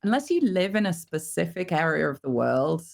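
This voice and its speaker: A woman's voice: fairly low pitch, very animated, normal speed, gravelly. An English woman, a voice actress, chatting in an interview in a self-deprecating way and laughing easily. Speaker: voice actress guest. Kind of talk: casual interview chat.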